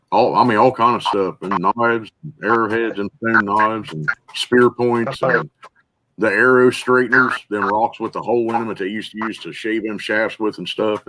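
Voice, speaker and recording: A man's voice: lowish voice, a bit bright, slight background noise, rough recording. A man, rambling in casual, folksy chat.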